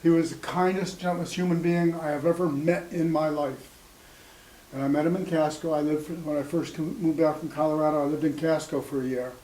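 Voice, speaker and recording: A man in his sixties telling personal stories to a small audience, in a halting, conversational way full of ums and restarts. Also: on the high side, dark tone. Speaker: storyteller at an open mic. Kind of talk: spoken storytelling to a small audience. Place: small cafe gathering room. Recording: echoey room with faint ambience.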